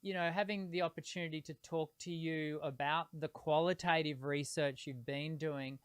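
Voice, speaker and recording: A man's voice: a little high, steady tone, normal speed, clean tone, no room sound, clean studio sound. A man hosting an interview about singing, asking long questions with many restarts. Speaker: podcast host, singing teacher. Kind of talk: conversational interview.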